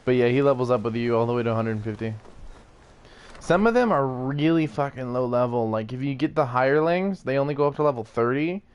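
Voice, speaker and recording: A man's voice: medium pitch, a little fast, smooth, muffled recording. A man giving rambling, casual commentary while playing a video game, laughing often and swearing now and then. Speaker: gaming YouTuber.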